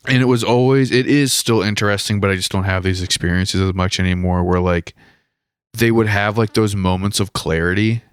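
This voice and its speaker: A man with a lowish, smooth, resonant voice, hosting a casual podcast. He rambles through stories in loose talk, leaning on "like" and profanity. The sound is dry and close to the mic. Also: brisk, no echo. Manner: loose, rambling, heavy on "like" and swearing. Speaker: podcast co-host. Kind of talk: casual storytelling chat.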